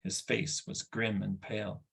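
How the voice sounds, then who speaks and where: A man reading a fantasy novel aloud in an even, steady way. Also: on the low side, unhurried, creaky, husky. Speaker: audiobook reader.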